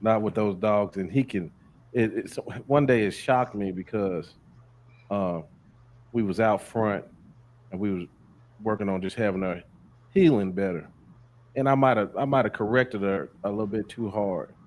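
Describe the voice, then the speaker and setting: A man hosting a podcast, chatting casually in a relaxed, folksy way. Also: fairly low pitch, normal speed, long pauses, slight background noise. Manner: relaxed, folksy, with frequent restarts. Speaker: podcast host.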